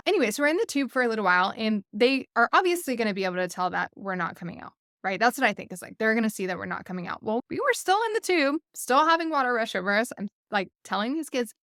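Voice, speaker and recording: A woman in her thirties hosting a podcast, telling a family story in a casual, animated way with frequent laughs and "like" fillers. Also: fairly high pitch, fast talker, hardly any pauses, dry recording, studio quality. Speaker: podcast host.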